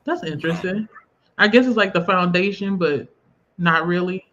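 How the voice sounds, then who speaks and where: A woman's voice: lowish voice, normal speed, a bit bright, muffled recording. A woman hosting a casual livestream, chatting loosely and laughing often as she talks to a guest. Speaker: livestream host. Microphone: video call.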